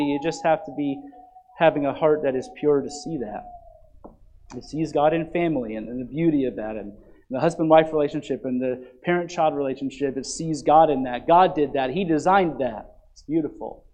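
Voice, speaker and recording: A man preaching a sermon, dropping to soft, low asides and then building to loud, emphatic passages, often checking in with "right?" and "you see?". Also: normal speed, rough recording. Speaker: pastor.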